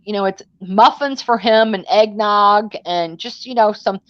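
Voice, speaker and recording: A woman's voice: mid-range voice, a little slow, dry recording, highs cut off. A woman hosting a casual chat, telling stories in a chatty way and acting out the dialogue. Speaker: host.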